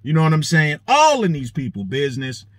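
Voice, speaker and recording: Slightly high and a touch fast, a man hosting a show rattles through a profanity-laced story, animatedly performing each person's lines. The recording is dry.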